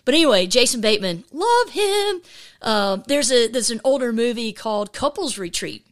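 A woman's voice: a little high, normal speed. Chatty woman podcast host. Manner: chatty and animated, with lots of fillers and restarts; acts out quoted voices. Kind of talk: casual faith podcast monologue.

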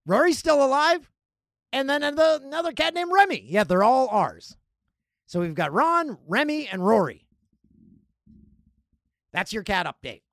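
A man hosting a podcast, telling stories in a casual, animated way and acting out other people's lines. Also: extremely high pitch, normal speed, long pauses, dry recording, clean studio sound. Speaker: podcast host. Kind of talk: casual storytelling.

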